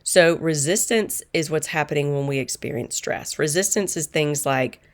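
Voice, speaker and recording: A middle-aged woman with a notably low voice tells a personal story in a calm, earnest way. She sounds reflective, like a coach sharing something she learned. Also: normal speed. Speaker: manifestation coach.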